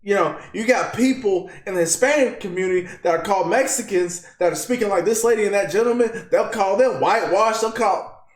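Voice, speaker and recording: A man's voice: high-pitched, lively intonation, moderate pace, reverberant. A man with a Texan accent hosting casual political commentary, slangy and mocking, often laughing at his own jokes. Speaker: commentary channel host.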